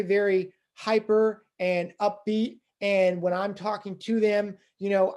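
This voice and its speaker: A fundraising instructor giving a conversational lecture, with many casual fillers, who gets louder and quicker when excited. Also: mid-range voice.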